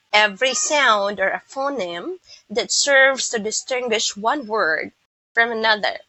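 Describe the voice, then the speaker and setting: A woman's voice: on the high side, bright, forceful tone, no room sound, rough recording. A woman from the Philippines with a Filipino English accent, giving a patient, explanatory English lesson and often checking that listeners follow. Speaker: English teacher.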